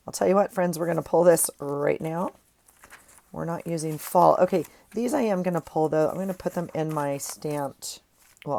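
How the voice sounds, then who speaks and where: A woman's voice: deep voice, vocal fry, warm tone. A woman chatting casually to viewers at her craft desk, rambling and friendly, recorded on an earphone mic. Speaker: craft vlogger. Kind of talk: casual chat while crafting.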